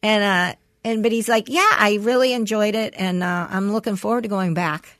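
A middle-aged woman co-hosting a podcast speaks at a moderate pace in a medium, steady, slightly bright voice, recorded with clean studio sound and no room tone. In casual chat she rambles through a long story, packing it with "you know" fillers and acting out the quotes.

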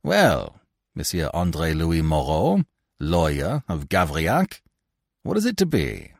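A man's voice: deep voice, huge pitch swings, measured pace, creaky, dry recording, clean studio sound, heavily acted. A man voicing a heavy, sly, leering middle-aged theatre manager who talks in a bluff, wheedling way.

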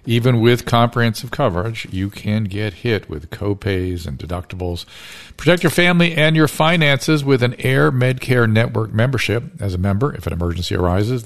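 A man hosting a podcast, chatting casually with his guest and reading an ad. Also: fairly low pitch. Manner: chatty, quick back-channel replies. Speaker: podcast host. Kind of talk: casual interview chat.

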